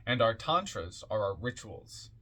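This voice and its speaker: A man reading passages from an occult book aloud in a measured, deliberate way, with offhand asides in between. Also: fairly low pitch, sing-song, fairly bright tone.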